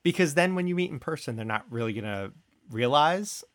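A man's voice: fairly high pitch, lively intonation, fairly quick, a bit bright. A man co-hosting a podcast, joking in a casual, mock-serious way. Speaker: podcast co-host. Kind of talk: casual comedic chat.

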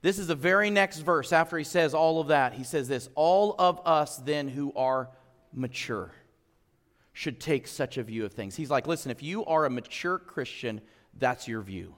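A middle-aged male pastor preaching a sermon in a church, conversational and swinging between quiet reflection and emphatic exhortation. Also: on the high side, normal speed. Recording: long hall reverb.

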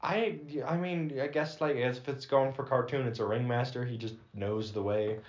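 A man's voice: mid-range voice, fairly even intonation. Rambling young man, lo-fi sound. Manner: rambling, quick, laughs often. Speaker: podcast co-host. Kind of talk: casual chat. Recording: dull lo-fi audio.

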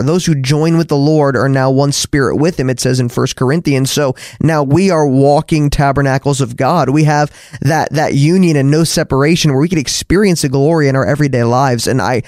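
An earnest male podcast host in casual conversation, his voice sitting on the higher side. He often doubles back on his words. The sound is dry and close, with no room around it. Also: darkish tone, dry recording.

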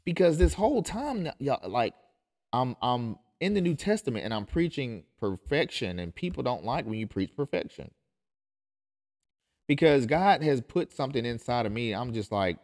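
An emphatic male pastor talks straight to his podcast listeners at a mid-range pitch. He presses his points hard and keeps circling back to them. He often stumbles and restarts in his urgency. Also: sing-song, normal speed, a little mellow. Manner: emphatic, insistent, repeats and restarts phrases. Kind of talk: impassioned podcast monologue.

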